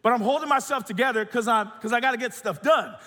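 A middle-aged man preaching a sermon, telling a personal story in an animated way, acting out quotes and going soft and quiet in tender moments. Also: very high voice, quick pace, in a large hall. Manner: animated storytelling, acts out quotes, drops to soft tones when emotional. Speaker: pastor.

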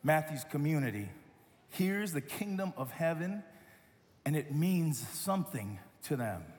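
A man preaching a sermon as a pastor, telling stories with lively quoted voices and many repeated words. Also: a little high, measured pace, big-room sound.

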